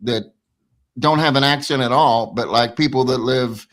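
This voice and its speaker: A man's voice: mid-range voice, normal speed, fairly bright tone. A man co-hosting a casual sports chat who asks curious questions. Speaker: sports talk co-host.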